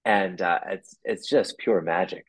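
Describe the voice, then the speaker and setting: A man's voice: low-pitched, unhurried, breathy edge. A man talking as a guest in a casual interview, reflective and rambling, with lots of restarts. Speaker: guest puppeteer.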